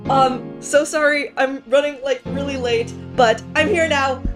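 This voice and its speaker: Bubbly high-voiced woman streamer. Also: steady tone, unhurried, music in the background. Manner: bubbly, giggly, lots of "um" and "like". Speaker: streamer hosting a science stream. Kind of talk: casual chat. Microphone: home streaming mic.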